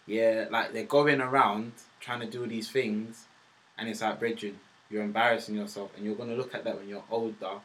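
A man's voice: fairly low pitch, steady tone, normal speed, fairly bright tone, poor audio. A man, a podcast guest who talks frankly and casually, with lots of fillers and slang. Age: 20s. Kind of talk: casual interview chat.

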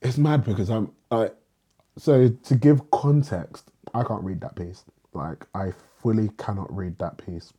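Guest playwright, man, lisp, low and warm, laid-back. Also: a little slow, husky. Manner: relaxed, laughs often, slang-heavy. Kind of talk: casual conversation.

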